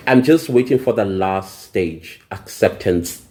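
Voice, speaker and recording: A man's voice: lowish voice, lively intonation, drawn-out words, long pauses, a little mellow. A young man venting angrily in a personal vlog, indignant and emphatic, repeating phrases for emphasis. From South Africa. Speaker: vlogger. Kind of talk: angry personal vlog rant.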